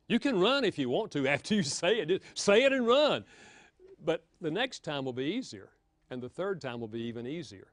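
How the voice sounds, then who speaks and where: Animated man giving a marriage talk. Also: on the high side, normal speed, no echo. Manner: animated, playful, jokes with the audience. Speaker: marriage seminar speaker. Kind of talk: humorous lecture to an audience.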